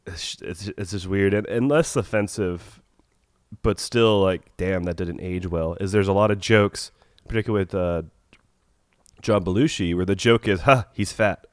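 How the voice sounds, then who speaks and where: A young man with a head cold and a nasal voice, chatting casually as a podcast co-host with halting restarts. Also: low voice, clean tone, no room sound, clean studio sound. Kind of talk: casual chat.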